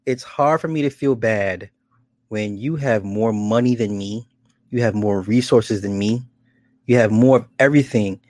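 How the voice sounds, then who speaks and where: A man hosting a casual commentary, animated and profane, often laughing at his own stories. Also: fairly low pitch, measured pace, dry recording, studio quality.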